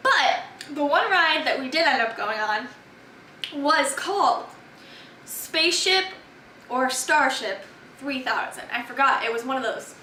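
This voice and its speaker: A woman's voice: high voice, animated, measured pace, sharp tone, a little hiss or hum. A teenage girl telling a chatty, exasperated storytime about her day out, filmed by a friend. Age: teens. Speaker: vlogger. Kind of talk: storytime vlog. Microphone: camera held by a friend. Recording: echoey room from far off.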